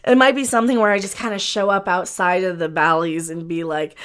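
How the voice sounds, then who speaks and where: A woman's voice: on the low side, steady tone, fairly quick, hardly any pauses, fairly bright tone, clean tone. A woman co-hosting a casual livestream, giggly and scattered, thinking aloud. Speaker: livestream co-host.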